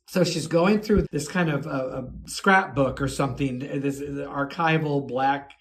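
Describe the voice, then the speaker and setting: A man telling a podcast anecdote in an excitable, gushing way, with many fillers. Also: fairly high pitch, measured pace, few pauses. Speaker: storyteller guest.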